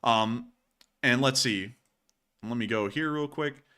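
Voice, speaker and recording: A man's voice: mid-range voice, slow pace, sharp tone. A man with a Southern US accent hosting a casual news livestream, rambling with many fillers as he thanks donors. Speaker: host of a war news livestream.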